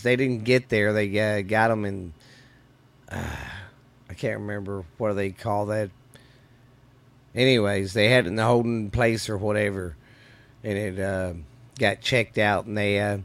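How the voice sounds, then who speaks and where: A man's voice: lowish voice, gravelly, no room sound, low-quality recording. A middle-aged man from Louisiana with a Southern Louisiana accent, hosting a podcast in a loose, profane, rambling way. His voice sounds slightly sore. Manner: profane, loose, calls listeners baby. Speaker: podcast host. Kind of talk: rambling casual podcast talk.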